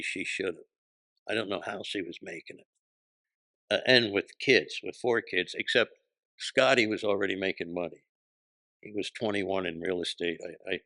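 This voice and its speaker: Male comic guest, bright edgy tone, animated raconteur who slips into other people's voices. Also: low-pitched, moderate pace, vocal fry, no echo. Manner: animated, acts out quoted voices. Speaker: comedian guest. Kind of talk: storytelling anecdotes.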